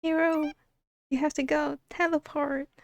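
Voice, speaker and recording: A woman's voice: high voice, level tone, measured pace, gravelly, pitched above the performer's own voice. A woman voicing a brave young cat prince in a game, earnest and rousing.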